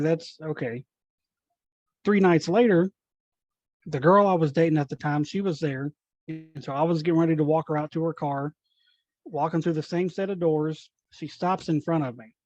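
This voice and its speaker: A man tells ghost stories in an animated way, acting out what people said. His voice sits a bit high. The sound is dull and dry, with no room around it. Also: no room sound. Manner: animated, acts out quoted dialogue. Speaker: paranormal investigator guest. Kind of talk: casual storytelling.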